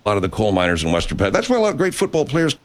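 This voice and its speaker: A man's voice: on the low side, huge pitch swings, rapid-fire. A male show host in a studio, rambling through a casual, profane pre-show monologue full of fillers.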